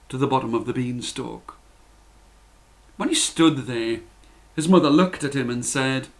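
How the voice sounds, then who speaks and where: Male storyteller, fairy tale, slow and a little high. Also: gravelly, a bit bright. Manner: slow, deliberate, repetitive storytelling. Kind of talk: storybook narration for children.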